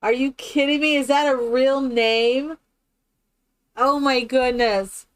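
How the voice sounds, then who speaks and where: A woman's voice: high voice, steady tone, slow pace, smooth. A woman streaming a game live, chatting casually with viewers in a rambling, exclamatory way. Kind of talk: casual live-stream chat while playing.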